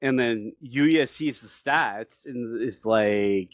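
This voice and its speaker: Excitable man recapping an anime, lo-fi. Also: mid-range voice, slow pace, few pauses, dry recording. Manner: animated storytelling with frequent laughs. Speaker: podcast co-host. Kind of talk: casual episode recap. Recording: dull dry lo-fi sound.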